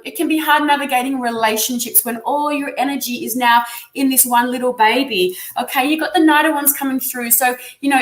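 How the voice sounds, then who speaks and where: Australian woman, high voice, gushing live-stream tarot reader, echoey room. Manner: effusive, encouraging.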